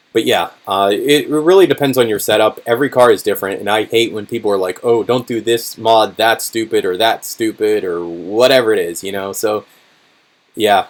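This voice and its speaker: A man hosting a casual livestream, with a hoarse, worn-out voice, talking loosely with lots of fillers as he answers chat. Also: fairly low pitch. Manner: chatty, many fillers, car-enthusiast talk. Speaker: channel host answering live chat.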